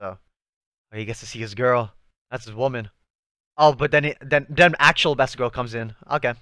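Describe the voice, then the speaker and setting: A young man hosting a live anime reaction, talking excitedly to the screen in slangy, casual speech. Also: mid-range voice, moderate pace, clean tone, dry recording, clean studio sound. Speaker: anime reaction channel host.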